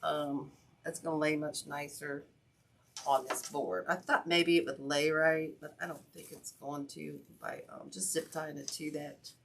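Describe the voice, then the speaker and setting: A woman's voice: low voice, steady tone, measured pace, a bit bright, a little hiss or hum. A woman hosting a craft livestream, chatting casually and rambling as she works and talks to viewers. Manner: chatty, rambling, with self-talk and asides to viewers. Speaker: craft channel host.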